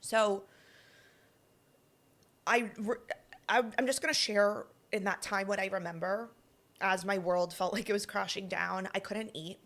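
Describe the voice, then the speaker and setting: A woman's voice: mid-range voice, measured pace, long pauses. Young woman telling a personal story. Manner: animated, acts out quoted lines. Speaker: podcast co-host. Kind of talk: casual storytelling.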